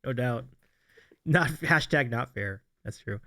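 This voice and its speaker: A man's voice: medium pitch, animated, slow pace, bright, forceful tone. A man hosting a casual livestream chat, reading viewer comments aloud and laughing often. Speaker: host.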